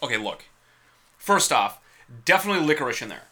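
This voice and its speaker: A young man co-hosting a casual podcast, telling a story in a profane, animated way. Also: a little high, a little fast. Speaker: podcast co-host. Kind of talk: casual chat.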